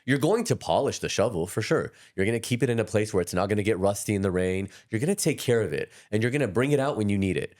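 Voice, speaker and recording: Fast-talking deep-voiced man. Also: expressive, darkish tone. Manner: rapid, rambling storytelling with many restarts. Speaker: guest, energy healer. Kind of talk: casual podcast conversation.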